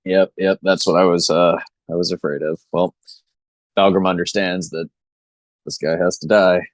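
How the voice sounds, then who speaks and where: A man playing a tabletop game, describing his character's moves and dice rolls with halting fillers. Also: low voice, level tone, no echo, poor audio. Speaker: player. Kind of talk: casual tabletop game play.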